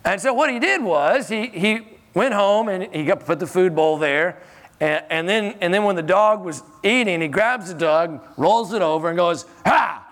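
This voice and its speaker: Chuckling frequently and repeating himself, a preacher delivers a church sermon in an animated, conversational style. His voice sits high and his pace is moderate.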